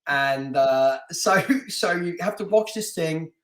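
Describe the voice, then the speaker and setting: Animated London-born man telling a story. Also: on the high side, takes it slowly, reverberant. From London, England. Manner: animated, laughs often, many restarts. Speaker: podcast guest, martial artist and stunt actor. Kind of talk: casual storytelling interview.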